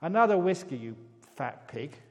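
A man's voice: on the high side, very animated, normal speed, lo-fi sound, faint music behind, pitched above the performer's own voice. A man voicing a rude parrot that barks insults at a flight attendant, in a hall with long reverb. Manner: barking, insulting. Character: rude shouting parrot on a plane.

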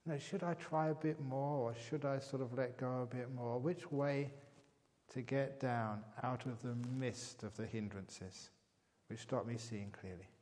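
A man giving a calm meditation talk, speaking gently and growing softer on key words. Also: mid-range voice, unhurried. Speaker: meditation teacher. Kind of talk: dharma talk with a joke. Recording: long hall reverb.

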